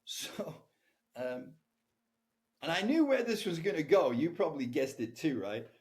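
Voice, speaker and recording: A man's voice: fairly high pitch, sing-song, unhurried, a little mellow. A man telling a candid personal story as a podcast guest. He talks animatedly and keeps asking "right?".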